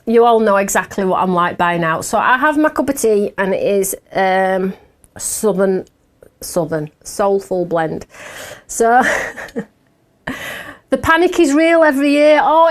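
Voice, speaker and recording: A fairly high-voiced woman hosts a live craft shopping stream. She chats loosely with her viewers and often breaks into giggles at her own stories. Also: expressive, unhurried. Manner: chatty and giggly, laughs at herself often. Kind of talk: casual live chat with viewers.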